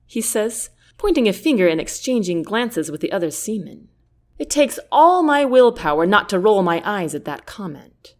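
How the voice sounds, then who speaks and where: With a mid-range voice and a moderate pace, a woman narrates a first-person novel as an audiobook. Her reading is expressive and centered on the characters.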